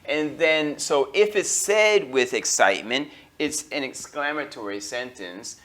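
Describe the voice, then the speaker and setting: An American man teaching an English grammar lesson, slowing down on key terms and filling pauses with okay and all right. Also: mid-range voice, expressive, a bit bright. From United States. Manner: slows down to stress key terms.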